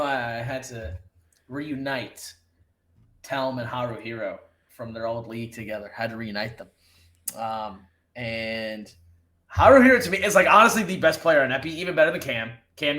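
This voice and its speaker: A man's voice: mid-range voice, fairly bright tone. Laid-back, joking male co-host. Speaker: podcast co-host. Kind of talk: casual esports podcast chat.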